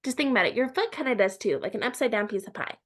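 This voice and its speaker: A woman teaching a Spanish lesson, saying each word slowly and repeating it for learners. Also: fairly high pitch, expressive. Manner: slow and deliberate, repeating words for learners. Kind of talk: language lesson.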